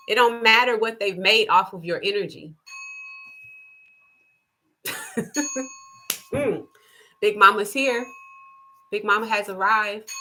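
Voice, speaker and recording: A woman hosting a spiritual live stream, speaking in an impassioned monologue with emphatic, repetitive, preacher-like phrasing and gentle asides. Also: medium pitch. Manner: shifts into soft, gentle asides to her child.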